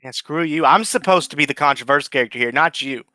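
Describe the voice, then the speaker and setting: A man guesting on a podcast, telling a story in a blunt, profane, animated way and acting out the quotes. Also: fast, no echo. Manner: animated, acts out quotes with big pitch jumps. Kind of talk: casual storytelling.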